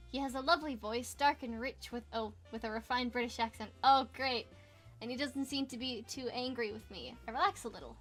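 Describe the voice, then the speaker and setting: A young woman reading a visual novel aloud as a gamer, playful, with quick asides and exclamations. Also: fairly high pitch, a bit bright, soft background music. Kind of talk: casual let's play reading with asides.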